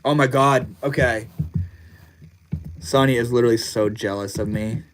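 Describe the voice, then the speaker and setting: A man's voice: medium pitch, steady tone, moderate pace, slight background noise. A man hosting a casual livestream, reading viewer comments aloud in a laid-back, slangy way. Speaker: livestream host.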